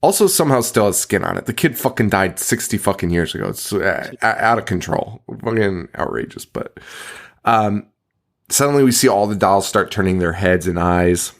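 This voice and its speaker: A male podcast host, loose and animated as he recaps a horror film. His voice swings widely in pitch and breaks into laughter often. He swears freely, in an easy chatty manner. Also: moderate pace. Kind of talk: casual movie recap chat.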